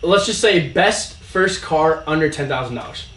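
A young man hosting a casual car podcast, talking excitedly and imitating turbo sounds. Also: fairly high pitch, normal speed. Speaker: podcast host. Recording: echoey room, mic far off, faint noise.

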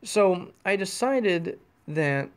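A man's voice: high-pitched, animated, very slow, clear, resonant tone. A man hosting a casual solo podcast, rambling and breaking off mid-thought, recorded on a gaming headset microphone in a room at home. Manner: rambling, self-interrupting, chuckling. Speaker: podcast host. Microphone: USB gaming headset microphone.

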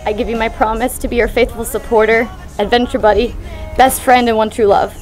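A young bride in her twenties speaks her vows softly and sincerely. Her voice sits a little high for a woman. Faint music drifts behind her. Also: fairly even intonation, brisk. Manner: soft and sincere.

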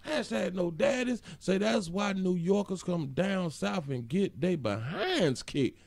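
A man hosting reaction commentary in an animated, profane, preachy way. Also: high-pitched, a little slow, creaky, hardly any pauses. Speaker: host.

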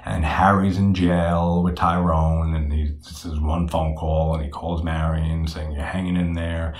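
A man's voice: a bass voice, flat delivery, a little slow, echoey room. A man talking casually and frankly about a film, swearing freely and using many fillers. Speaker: horror film reviewer.

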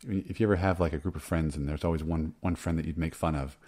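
A man's voice: extremely low pitch, fairly even intonation, fast talker, darkish tone. A man co-hosting a book podcast in casual chat, playful and fond of acting out characters' lines. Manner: playful, acts out lines in silly voices. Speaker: podcast co-host.

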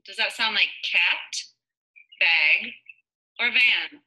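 Slow, bright-voiced preschool teacher. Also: female voice, mid-range voice, poor audio. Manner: slow, sound-by-sound modeling. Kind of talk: online phonics lesson for young children.

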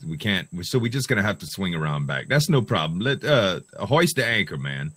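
A man's voice: low-pitched, very animated, brisk, fairly bright tone, slightly rough, no echo. A man hosting a casual multiplayer game commentary, joking and chatting with a friend while he plays. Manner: joking, chatty, laughs often. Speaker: gaming channel host. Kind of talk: casual let's play commentary.

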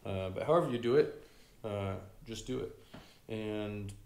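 A man teaching a casual fiddle lesson in a relaxed way, humming rhythms and using many fillers. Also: fairly low pitch, unhurried, slight background noise. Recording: echoey room with fiddle playing.

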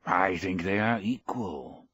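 A man reading the part of an elderly, proud, gentle fisherman, speaking plainly and quietly. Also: sits low, expressive, slow pace, slightly rough, exaggerated voice.

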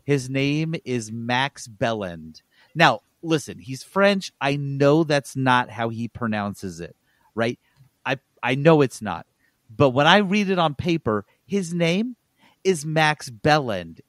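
A man's voice: medium pitch, a little slow, dry recording, studio quality. A man co-hosting a casual gaming podcast, ranting in an emphatic, joking way. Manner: animated, jokey, emphatic rants. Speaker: podcast co-host.

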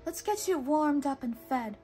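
A kind, brave young princess from a storybook, gentle and caring, as a woman reading aloud gives her lines. Her voice sits fairly high and sounds warm with concern. It is a plain read-aloud delivery, not a showy performance. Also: moderate pace, faint music behind, close to an everyday voice.

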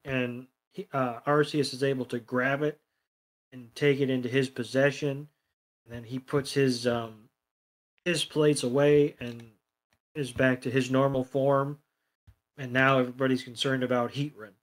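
رجل ساخر يشتم بحرية. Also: male voice, mid-range voice, little pitch movement, unhurried. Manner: sardonic, swears freely. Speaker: podcast co-host. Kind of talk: casual recap chat.

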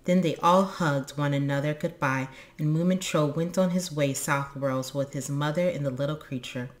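Low-voiced woman, steady children's book narrator. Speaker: book channel host. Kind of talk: reading a children's book aloud.

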